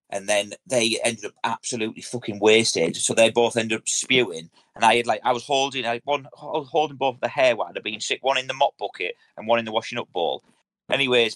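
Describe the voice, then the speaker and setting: A man, telling a crude story fast on a podcast, recorded from bed on a handheld mic. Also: on the low side, fairly bright tone, no room sound, rough recording. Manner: fast, swearing, laddish banter. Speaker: podcast co-host. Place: in bed at home. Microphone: handheld mic, sometimes covered by hand.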